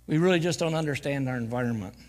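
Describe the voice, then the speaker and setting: A man's voice: mid-range voice, quick pace, a little mellow. A man preaching a folksy guest sermon in a church, mixing jokes and laughter with scripture. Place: church sanctuary. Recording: church live stream with long hall reverb.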